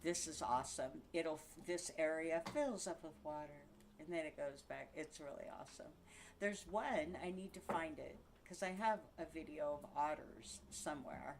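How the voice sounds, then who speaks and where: A woman's voice: low voice, normal speed, vocal fry, slight background noise. A woman of about sixty ranting in casual home-video talk, swearing freely and laughing between angry outbursts. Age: 60s. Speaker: vlogger. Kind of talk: angry casual rant to camera.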